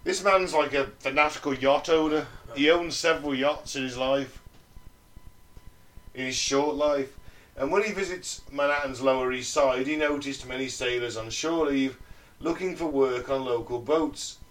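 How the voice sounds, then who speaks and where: A man, a podcast co-host, telling a dark story in a sweary, joking way to friends. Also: mid-range voice, moderate pace, recorded from a distance, rough recording. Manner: sweary, jokey, laughs mid-story.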